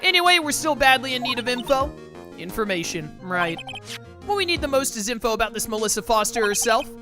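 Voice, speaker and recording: A woman voicing a composed young female defense lawyer in a measured reading, with game music behind. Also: fairly high pitch, very animated.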